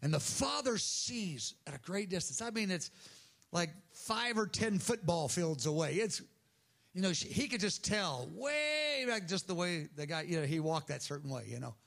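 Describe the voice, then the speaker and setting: A man preaching a sermon, telling a parable in a lively, animated storytelling way and briefly acting out the people in it. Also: high-pitched, normal speed, vocal fry. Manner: animated storytelling, acts out characters' voices.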